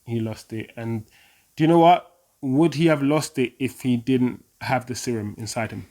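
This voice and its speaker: A British man in a relaxed back-and-forth about a TV episode, his voice sitting in an ordinary middle range. He gets animated and jumps up in pitch to act out what characters say. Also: moderate pace. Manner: animated, acts out characters' lines with a raised voice. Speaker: reaction channel co-host. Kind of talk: casual reaction chat.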